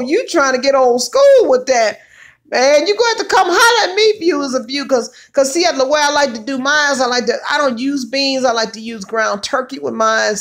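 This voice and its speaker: Gravelly-voiced woman chatting on a livestream. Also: a little high. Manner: chatty, exclaims and calls out to viewers. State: hoarse from allergies. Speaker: livestream host. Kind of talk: casual livestream chat with viewers.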